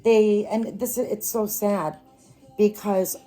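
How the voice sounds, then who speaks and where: A woman giving a casual tarot card reading, talking straight to the listener in an unhurried, reassuring way. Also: mid-range voice, fairly even intonation, mellow, soft background music. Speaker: tarot reader.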